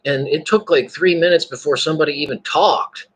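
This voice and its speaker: A man's voice: fairly high pitch, fairly quick, breathy edge, rough recording. A man talking in a rambling, casual monologue to his viewers, often repeating words and restarting his sentences.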